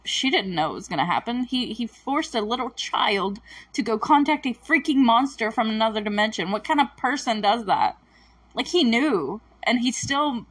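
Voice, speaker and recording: A woman's voice: on the high side, a bit bright, husky. A woman recapping a TV episode in a chatty, emotional way, with lots of fillers and self-corrections. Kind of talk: casual recap commentary.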